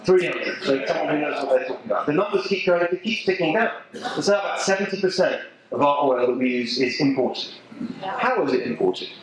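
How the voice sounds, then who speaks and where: A middle-aged man with an English accent speaks to a live audience, emphatic and animated, cracking jokes as he goes. His voice sits a little high for a man. The room rings with a heavy echo. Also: fairly quick, a crowd in the background. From England. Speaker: political speaker. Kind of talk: speech to a local political group. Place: event venue with a live audience. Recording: echoey room.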